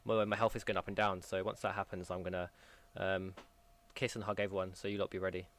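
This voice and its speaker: A man's voice: low voice, little pitch movement, fast, fairly bright tone, a little hiss or hum. A man, chatting casually on a podcast, hesitant and easygoing. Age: 20s. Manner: hesitant, full of fillers and restarts, easygoing. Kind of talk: casual chat.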